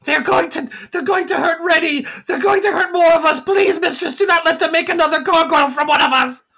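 A man voicing a frantic male gargoyle servant who begs loudly and speaks of himself in the third person. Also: high voice, expressive, moderate pace, vocal fry, breathy edge, pitched above the performer's own voice, full character voice. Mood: screaming, desperate.

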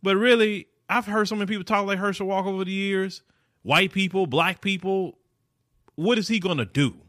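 A man from the American South comments on a debate with emphatic, direct energy. His voice is bright and pitched a bit high, and the recording is close and dry. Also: fairly quick, no echo. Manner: emphatic, talks straight to viewers. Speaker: political commentator reacting to a debate. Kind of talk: casual reaction commentary.

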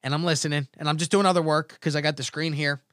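High, bright-voiced man telling stories. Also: quick pace, no echo, studio quality. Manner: animated storytelling, swearing, acts out quotes. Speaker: podcast host. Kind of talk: casual podcast banter.

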